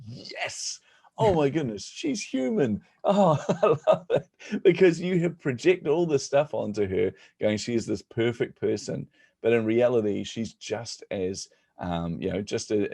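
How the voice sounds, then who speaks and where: Deep-voiced New man telling stories. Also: creaky, dry recording, clean studio sound. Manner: animated, jokey, laughs at own stories. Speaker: guest speaker. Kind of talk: storytelling in conversation.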